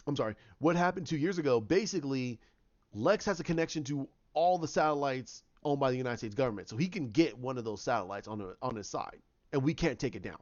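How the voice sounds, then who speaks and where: A fan pitches his own movie idea, a man with a medium-pitched, expressive voice who talks fast. He retells it casually and rambles, restarting often and using lots of fillers, on a dull lo-fi recording.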